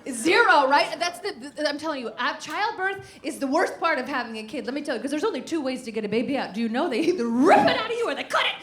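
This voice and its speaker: A woman in her thirties doing a profane, brash stand-up comedy set, working the crowd with quick asides. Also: high voice, sing-song. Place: comedy club stage with live audience. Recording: live club recording with loud crowd and noise. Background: audience laughter.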